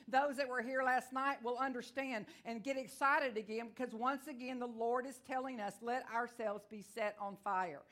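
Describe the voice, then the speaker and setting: A woman preaching to a church congregation in a Texan drawl, her voice set a little high. She delivers a fervent, folksy sermon full of stories and calls of amen. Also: fairly bright tone. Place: church service before a congregation.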